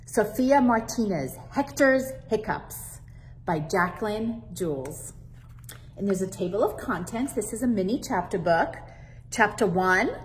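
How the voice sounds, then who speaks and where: A woman working as a children's librarian, reading a storybook aloud to kids in a warm, friendly, expressive way. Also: mid-range voice, a little hiss or hum.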